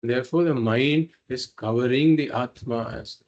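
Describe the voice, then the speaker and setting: A man's voice: mid-range voice, normal speed, darkish tone, highs cut off. A man teaching a spiritual philosophy class, explaining patiently and repeating points through simple examples. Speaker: Vedanta teacher.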